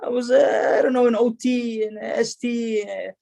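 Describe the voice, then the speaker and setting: A man's voice: extremely high pitch, level tone, normal speed, gravelly, dark tone, voice pushed up. A man voicing a bewildered ordinary person who protests in a flustered way that he was never a doctor.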